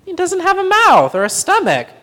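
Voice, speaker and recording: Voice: extremely high pitch, huge pitch swings, normal speed, bright, forceful tone, pitched above the performer's own voice, full character voice. A storyteller reading a picture book aloud, voicing a kind, bearded old grandfather who runs a bakery. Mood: gentle.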